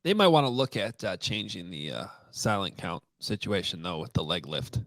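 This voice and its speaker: A man's voice: low-pitched, big pitch swings, moderate pace, a bit bright, no room sound, studio quality. A man co-hosting a sports podcast in casual, chatty talk, often restarting his sentences. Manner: chatty, many restarts and fillers. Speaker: podcast co-host.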